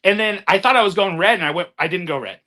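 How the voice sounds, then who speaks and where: A man in casual group chat, telling animated stories and laughing often. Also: high voice, quick pace. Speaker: guest contestant.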